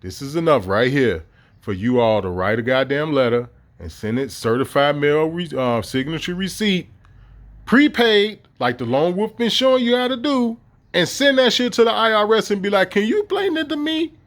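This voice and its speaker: Irate high-voiced man ranting. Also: animated, moderate pace, fairly bright tone. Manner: irate, profane, emphatic, repeats himself. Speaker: online video host. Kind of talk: heated monologue reading legal text.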